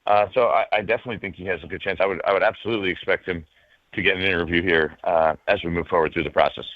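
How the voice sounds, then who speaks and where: A sports reporter guests on a radio show over a dull, dry remote line with no echo, speaking rapid-fire in a low, steady voice. In this casual interview he's hesitant and ribbing, with lots of fillers.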